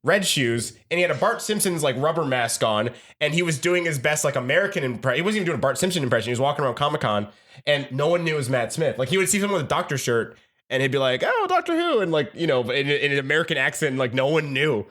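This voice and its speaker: A man's voice: fairly high pitch, quick pace, fairly bright tone. A man co-hosting a comedy podcast, joking crudely and reading out odd news stories. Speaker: podcast co-host. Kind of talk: casual comedic chat.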